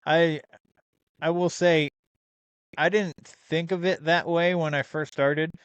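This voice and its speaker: Easygoing male podcast host, smooth voice. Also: fairly high pitch, fairly even intonation, slow pace, dry recording. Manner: easygoing, laughs often, many ums. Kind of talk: casual interview chat.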